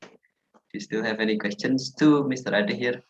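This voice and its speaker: A man's voice: medium pitch, moderate pace. Guy hosting a zoom session, says thanks a lot, muffled line with a bit of hiss. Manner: friendly, repeats thanks. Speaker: session moderator. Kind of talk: casual online meeting moderation.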